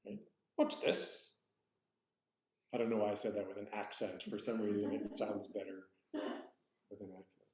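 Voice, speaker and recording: Man, Zen teacher, dharma talk, reflective, self-correcting, lowish voice, roomy echo. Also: level tone, moderate pace, darkish tone, a little hiss or hum. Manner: reflective and searching, corrects himself aloud.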